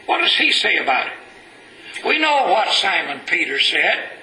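A man preaching a sermon in a church, slow and emphatic, reading scripture aloud and rising in pitch for emphasis. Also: big pitch swings, sharp tone, roomy sound, a little hiss or hum, poor audio.

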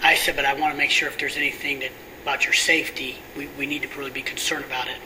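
A middle-aged pastor telling a story in a sermon, often sinking to a hushed near-whisper. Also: male voice, mid-range voice, fast talker. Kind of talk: sermon testimony. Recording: distant mic with steady air conditioning hum.

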